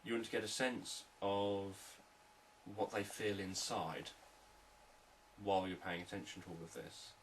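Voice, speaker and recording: A man, a hypnotherapist, explaining sales techniques in a calm, repetitive, unscripted teaching talk. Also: low-pitched, a little slow, distant mic, slight background noise, poor audio.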